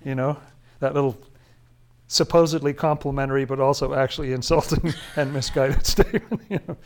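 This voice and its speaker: A man's voice: mid-range voice, steady tone, brisk. Chatty, chuckling Bible study leader, a man. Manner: chatty, chuckles often, emphatic asides. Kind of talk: casual scripture commentary.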